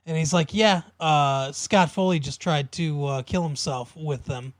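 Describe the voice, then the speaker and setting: Man, fairly high voice, dry close sound, casual podcast recap, filler-heavy. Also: dry recording. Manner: relaxed, drawn-out retelling with many fillers. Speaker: podcast co-host. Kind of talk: casual chat recapping a TV episode.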